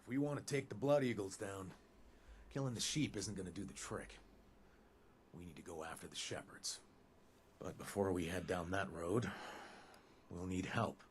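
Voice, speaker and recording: A man's voice: low voice, normal speed, pauses often, slight background noise, close to an everyday voice. An actor playing a chatty reformed male ex-raider in a video game, rambling with self-deprecating asides. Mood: scheming.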